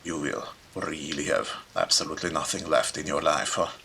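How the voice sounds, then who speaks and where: A man voicing a scornful figure in a game, speaking slowly in a mocking way. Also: extremely low pitch, creaky, sharp tone, a little hiss or hum, exaggerated voice.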